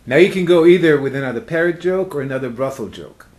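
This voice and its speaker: A man casually prompting someone to tell jokes. His pitch is somewhat high and bounces around a lot. He sounds upbeat throughout. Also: animated, fast, darkish tone. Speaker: joke prompter. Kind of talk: casual chat.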